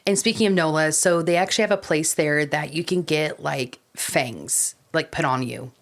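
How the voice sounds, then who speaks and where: A Southern American woman co-hosting a podcast, chatting casually and laughing easily, with many "like"s. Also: deep voice. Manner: chatty, lots of "like" and quick laughs. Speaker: podcast co-host. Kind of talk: casual chat.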